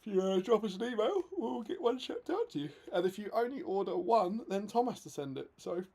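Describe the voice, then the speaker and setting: Brief: male co-host, fairly high and very lively voice, exasperated storyteller on a casual stream. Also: fairly quick, vocal fry. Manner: animated, exasperated storytelling with laughs. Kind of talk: casual livestream chat.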